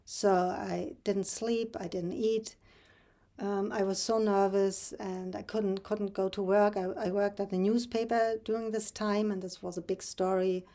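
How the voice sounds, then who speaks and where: A woman's voice: medium pitch, level tone, dark tone. Lady in her 50s sharing her faith story, lots of ums and restarts, earnest. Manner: halting, with many fillers and restarts. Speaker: Christian vlogger. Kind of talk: personal faith testimony.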